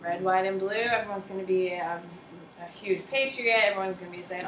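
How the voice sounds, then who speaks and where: A woman's voice: medium pitch, fairly even intonation, brisk, a bit bright, echoey room, slight background noise, rough recording. A woman teaching a lecture class, chatty and self-deprecating, often asking the class questions.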